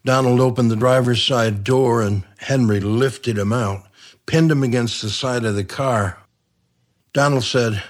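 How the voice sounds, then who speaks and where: A man's voice: mid-range voice, unhurried. A man reading a comic crime novel aloud, in a dry, wry storytelling manner. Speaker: narrator. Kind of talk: audiobook narration.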